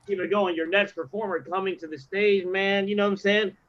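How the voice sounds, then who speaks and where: A man hosting a comedy show, introducing acts with loud, playful hype. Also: sits high, fairly even intonation, brisk, muffled recording, slight background noise. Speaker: show host. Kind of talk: hyping comedians on a live stream.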